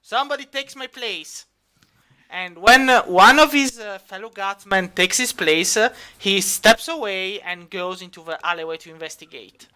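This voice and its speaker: A man's voice: sits high, normal speed, hardly any pauses, pushed and bright, clean tone. A man running a tabletop game as game master, rambling with lots of fillers. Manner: rambling, many fillers, laughs easily.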